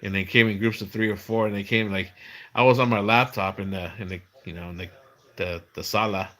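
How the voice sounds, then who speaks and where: A man's voice: lowish voice, fairly even intonation, a little fast, a bit bright. A middle-aged man hosting his own livestream, telling stories in a loose, rambling way with many restarts. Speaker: livestream host. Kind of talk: casual livestream chat.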